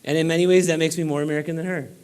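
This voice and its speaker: Higher-pitched man giving an emphatic keynote. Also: flat delivery, very fast, darkish tone, smooth. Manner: emphatic, exhorting the audience. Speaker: keynote speaker. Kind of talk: banquet keynote speech. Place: banquet room before about four hundred people.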